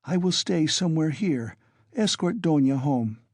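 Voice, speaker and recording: Man reading timid middle-aged mother, pleading, raised pitch, dry recording. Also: animated, unhurried, a little mellow, no echo. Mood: despairing.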